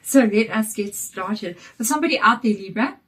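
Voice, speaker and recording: A woman giving a casual tarot reading to camera, croaky from a chesty cold, reassuring and direct. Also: medium pitch, animated, normal speed, a bit bright. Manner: reassuring and direct, checking in with "okay?". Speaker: tarot reader.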